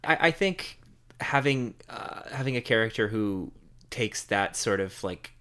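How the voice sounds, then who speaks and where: A man co-hosting a film podcast, discussing movies in a casual, halting way with many fillers and repeated words. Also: on the low side, animated, sharp tone. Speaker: podcast co-host.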